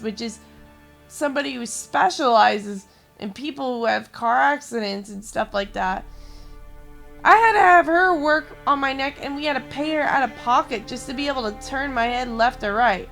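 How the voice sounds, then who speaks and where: A woman's voice: on the high side, normal speed, vocal fry, a bit bright, faint music behind. A woman streamer venting angrily in casual chat, swearing heavily. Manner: angry, heavy swearing.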